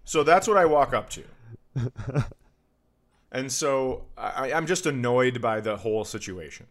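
Man, comedian, crude animated storytelling, mocking impressions, casual podcast chat. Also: mid-range voice, unhurried.

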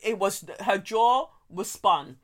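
A young woman chats on a podcast in a middle-pitched voice. She tells stories with energy and slang, swears freely and laughs often. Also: takes it slowly. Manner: animated, laughing often, slangy, frank and profane. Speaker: podcast co-host. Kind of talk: casual chat, storytelling.

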